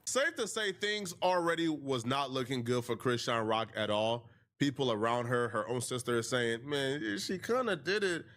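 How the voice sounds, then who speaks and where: A man's voice: mid-range voice, moderate pace, a bit bright. A man recapping a news story in a casual, conversational way, with many fillers.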